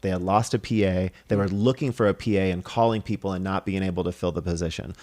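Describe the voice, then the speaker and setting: A man's voice: low-pitched, fast talker. A man guesting on a podcast, telling stories casually, acting out quoted dialogue and laughing as he goes. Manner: animated, acts out quoted dialogue; laughs through his stories. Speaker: podcast guest, film director and assistant director. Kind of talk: casual storytelling.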